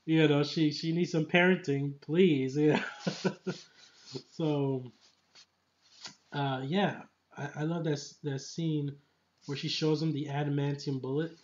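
A man's voice: a little high, steady tone, unhurried, pauses often, lo-fi sound, a little hiss or hum. A man giving a casual, enthusiastic film review, rambling with lots of filler phrases. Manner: enthusiastic, rambling, full of "you know".

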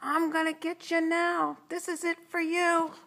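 Older woman voicing a gruff, kid-hating old man in a storybook, gravelly, slow. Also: medium pitch. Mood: furious. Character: grumpy old man neighbor who hates kids.

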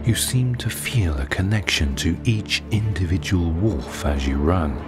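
A man doing his deep voiceover voice, calmly narrating an immersive second-person scene over a loud music bed. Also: measured pace. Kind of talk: deep voiceover narration of a guided running audio.

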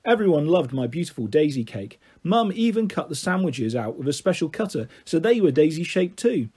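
A man narrating a children's book in a gentle, steady reading voice. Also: fairly high pitch, a little fast, slightly rough. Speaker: storyteller.

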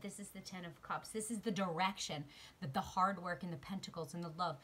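A woman giving a spiritual tarot reading to her viewers, emotional, shifting from quiet murmurs to excited exclamations. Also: fairly low pitch, moderate pace, slightly rough. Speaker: tarot card reader. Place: outdoors.

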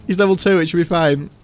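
A man, chatting casually and laughing as he plays a game on stream. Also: high-pitched. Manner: chatty, laughs often, thinks aloud. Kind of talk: casual gameplay commentary.

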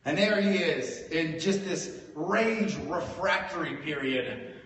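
A man telling a comic story live on stage, swinging from hushed to loud for effect, filmed on a phone from the audience in a hall. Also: a little high, slow, a little hiss or hum. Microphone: phone stream from the audience. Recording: echoey hall from far off, faint ambience.

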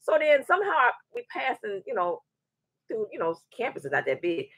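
A woman in her forties hosting a live show, chatting and telling a story in a lively way, often restarting her sentences. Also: on the high side, normal speed, slightly rough, dry recording. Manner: animated, repeats words as she restarts, acts out quoted voices. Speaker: show host. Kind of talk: casual livestream chat and storytelling.

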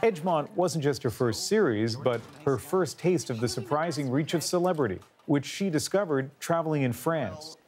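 A man hosting a news segment, narrating scripted voice-over and interviewing a guest in a measured, friendly broadcaster manner. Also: on the high side, animated, darkish tone.

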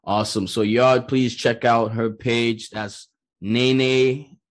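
A man's voice: medium pitch, level tone, slow. A man hosting a podcast who wraps up an interview in an upbeat, encouraging way and thanks his guest. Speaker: podcast host. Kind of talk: interview wrap-up.

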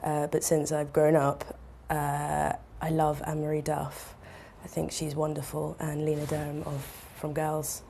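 An actress giving casual interview answers in a soft, fond, unhurried way. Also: female voice, low voice, completely flat delivery, creaky, a little hiss or hum.

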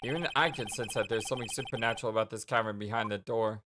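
A woman's voice: a bass voice, fast talker, noisy background. A woman reading game dialogue aloud as a dry, sensible young male lawyer. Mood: deadpan. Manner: dry, deadpan.

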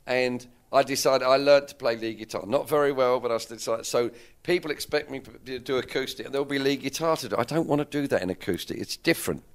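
An English-accented man in his sixties chats through an interview. His voice sits at an ordinary middle pitch, and he rambles frankly, often breaking off to rephrase himself. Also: fast talker, few pauses. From England. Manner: rambling, self-correcting, candid. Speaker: interviewed musician. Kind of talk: casual interview chat.

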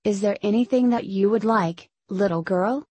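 A woman's voice: mid-range voice, moderate pace, a little mellow, breathy edge, dry recording, natural voice. Santa Claus, jolly and hearty, read by a woman. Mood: kindly, hurried. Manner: hearty, rollicking and kindly. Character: jolly hurried old man Santa Claus. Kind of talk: storybook read-aloud.

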